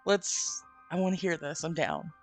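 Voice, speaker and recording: A woman's voice: deep voice, very animated, normal speed, gravelly, faint music behind. A woman hosting a casual live stream, giggly and effusive. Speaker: streamer host.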